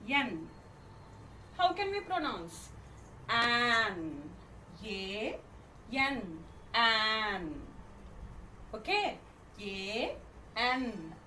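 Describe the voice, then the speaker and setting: A woman's voice: on the high side, big pitch swings, bright, forceful tone. A woman with an Indian English accent teaching first graders to read, spelling each word letter by letter, then saying it, and often checking "okay?". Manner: spells words letter by letter, then says them slowly; repeats questions, checks with "okay?". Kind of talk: classroom phonics lesson. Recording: echoey room, mic at a distance, faint noise.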